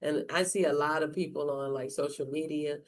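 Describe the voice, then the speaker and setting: A Detroit man hosting a podcast over a video call, with a voice that sits a bit high for a man. He keeps the talk moving with quick affirmations and laughs along with his guest. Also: fairly even intonation. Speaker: podcast host.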